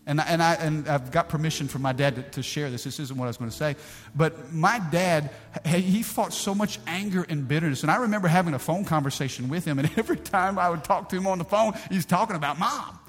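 A middle-aged pastor preaching a live sermon, telling stories in a folksy, animated way with rhetorical questions. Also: male voice, fairly high pitch, quick pace. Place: church sanctuary. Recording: reverberant hall, faint music.

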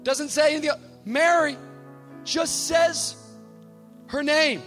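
A man preaches a sermon in a strikingly high voice, shifting from easy, joking asides to loud, climbing declarations. He is heard live in a large hall with a long echo trailing his words. Faint music plays behind him. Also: steady tone, takes it slowly. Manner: builds from conversational to shouted, with jokes and laughs.

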